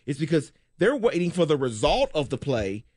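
A man's voice: on the high side, big pitch swings, normal speed, darkish tone, no room sound, studio quality. A man hosting sports talk radio, debating eagerly and cutting in to argue his point. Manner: eager, interrupting, argumentative.

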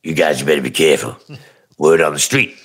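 A man voicing a smooth-talking male street informant, slow and husky. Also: extremely low pitch, steady tone, a bit bright, voice pushed down, full character voice. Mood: warning.

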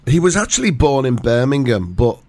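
A man's voice: mid-range voice, very animated, a little fast, a little mellow, no echo. Male radio co-host from England, chatty and hesitant, close dry sound. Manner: chatty, hesitant, often restarts. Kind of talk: breakfast radio banter.

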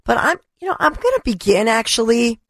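A middle-aged woman hosting a talk radio show, her voice hoarse from allergies, delivering an impassioned, indignant monologue. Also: a little high, sing-song, brisk, no room sound, studio quality. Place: radio studio. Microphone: studio microphone.

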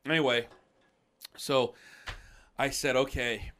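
Male podcast co-host, casual animated storyteller, bright and sharp tone. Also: mid-range voice, moderate pace. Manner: animated, acts out voices of people in his story.

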